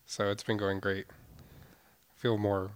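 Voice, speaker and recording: A man with a slightly low voice jokes through comedy podcast banter in a playful, mock-boastful way. He keeps a casual, easy tone. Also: flat delivery, slow pace, clear, resonant tone, no echo. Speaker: co-host.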